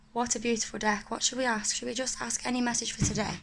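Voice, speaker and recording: A woman vlogging at home, chatting warmly to viewers while opening an oracle deck. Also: a little high, flat delivery, fast talker, poor audio. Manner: chatty, breathy and gushing, talking to viewers. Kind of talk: casual chat unboxing a tarot deck. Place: home room by a main road. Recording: loud background noise.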